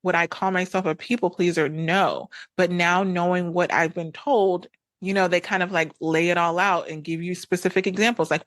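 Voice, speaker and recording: A woman with a fairly low voice hosts a relationship-advice podcast and speaks straight to the listener. She is frank and conversational and repeats her points for emphasis. The recording is close and dry, with no room sound. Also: steady tone, normal speed, dry recording. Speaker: podcast host and coach. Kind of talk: casual advice monologue.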